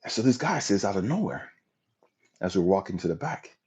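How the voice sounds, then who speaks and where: A man's voice: sits low, big pitch swings, fairly quick, darkish tone, husky, highs cut off. A man hosting a livestream, telling an emotional personal testimony in a raw, profane storytelling manner. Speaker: livestream host.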